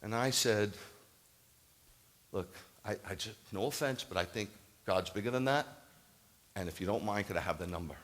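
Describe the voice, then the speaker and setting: Male rabbi, lower voice, lively storytelling sermon, voices the other people in the story, builds to emphatic preaching. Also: moderate pace, pauses often. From United States. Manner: animated, acts out quoted dialogue, rises to emphatic preaching. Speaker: Messianic rabbi. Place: congregation hall, addressing a live audience.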